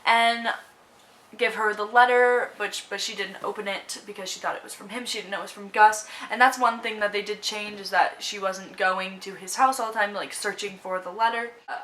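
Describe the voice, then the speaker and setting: Young female book vlogger, bright and emotional, on the edge of tears, rambling with fillers. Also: medium pitch, steady tone, normal speed, slight background noise, low-quality recording. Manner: emotional, gushing, many fillers and restarts. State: tearful, on the verge of crying. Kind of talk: casual movie review vlog.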